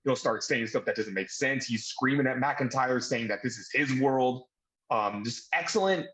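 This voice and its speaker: A man from the United States hosting a casual wrestling review chat, excitable and swearing freely. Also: mid-range voice, normal speed, breathy edge, low-quality recording. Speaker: podcast host.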